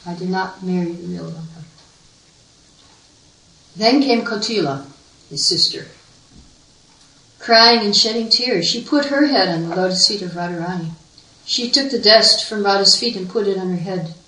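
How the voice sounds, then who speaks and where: A woman retells a devotional story in a sermon, earnest and vivid. Her voice is bright and forward. The recording is roomy, and she stands at a distance from the mic. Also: medium pitch, normal speed. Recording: echoey room, voice far from mic.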